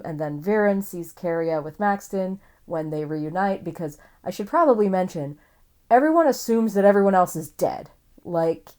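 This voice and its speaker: A woman talks excitedly about a favourite book series in a loose, rambling vlog review. Her voice is warm and mellow, and she often stops to gush over the characters. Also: lowish voice. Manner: gushing, enthusiastic, rambling, swears casually.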